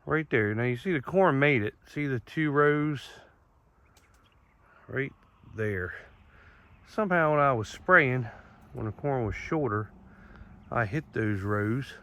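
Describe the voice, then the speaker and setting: A middle-aged farmer with an Eastern Shore accent walks through a cornfield outdoors for a casual vlog, explaining things plainly and repeating himself along the way. His mid-range voice is bright and forceful, animated but slow, with frequent pauses.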